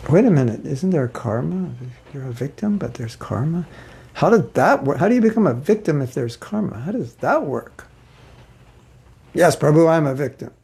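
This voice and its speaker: Gravelly man teaching a spiritual class. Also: on the high side, sing-song, moderate pace, a little mellow. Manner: informal, chuckling, acts out quoted voices.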